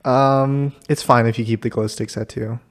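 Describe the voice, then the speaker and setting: A man's voice: medium pitch, steady tone, normal speed. A man hosting a casual chat with a friend, easygoing and laughing often. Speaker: host.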